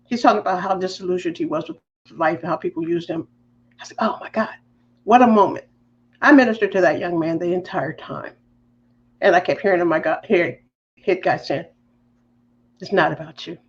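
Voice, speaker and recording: A woman on a podcast, telling a personal faith story in a lively, emotional way. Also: fairly low pitch, dull audio. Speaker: podcast guest.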